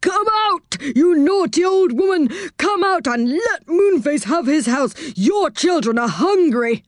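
Woman narrator doing a shrill, loyal old saucepan peddler from a storybook. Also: expressive, moderate pace, dry recording, clean studio sound. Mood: shouting. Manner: eager, shouting.

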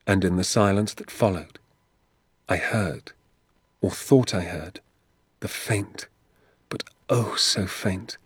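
A man narrating a first-person story in an expressive way that turns hushed at tense moments. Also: sits low, breathy edge, no room sound, clean studio sound. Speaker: audiobook narrator.

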